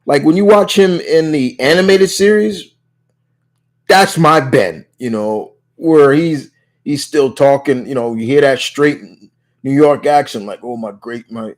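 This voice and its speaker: This livestream Q&A host speaks in a slightly high voice at an unhurried pace. Reading out questions from viewers, he wanders through his answers in casual chat, full of restarts and frequent "you know"s.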